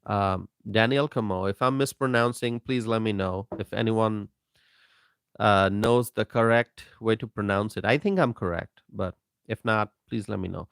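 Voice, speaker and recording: A man hosting a political commentary live stream, talking in a slow, emphatic way, repeating himself and greeting viewers by name. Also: fairly low pitch, gravelly, fairly bright tone, clean tone, no room sound, studio quality.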